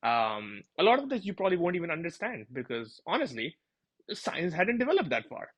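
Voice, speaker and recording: A man's voice: a little high, wildly swooping pitch, brisk, a bit bright, dull audio. A man narrating a tabletop game as dungeon master in a loose, chatty way full of fillers.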